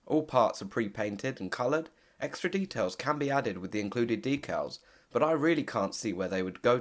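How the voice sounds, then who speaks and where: A man hosting a casual product review voice-over, talking in a candid, relaxed way with occasional hesitations. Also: lowish voice. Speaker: host reviewing a model kit.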